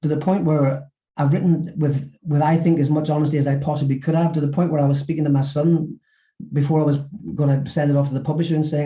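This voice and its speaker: A middle-aged man, an author and former physiotherapist, speaking in a webinar interview and talking haltingly with many repeated words. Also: fairly high pitch, little pitch movement, warm tone, dull audio.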